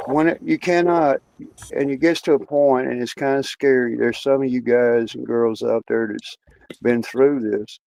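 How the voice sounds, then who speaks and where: A man in casual livestream chat, speaking earnestly and haltingly, repeating himself. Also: medium pitch, creaky, a little mellow, low-quality recording.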